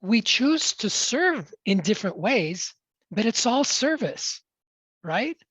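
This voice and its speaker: A woman's voice: on the high side, very animated, slow, fairly bright tone, husky, dry recording. A woman giving a motivational talk on public speaking as a coach, emphatic and full of rhetorical questions. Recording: dry, dull lo-fi sound.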